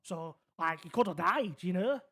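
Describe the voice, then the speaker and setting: A city-game roleplay character, a naive and rambling young man voiced by a streamer, earnestly tells a long story and checks the listener is following. The voice is medium-pitched, animated, a bit bright, and at a normal speed.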